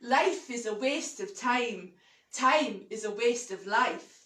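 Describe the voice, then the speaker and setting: A woman putting on a Scottish accent to recite a short poem slowly and deliberately. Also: on the high side, lively intonation, fairly bright tone. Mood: mock-solemn. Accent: put-on Scottish. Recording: roomy, distant, slightly noisy stream.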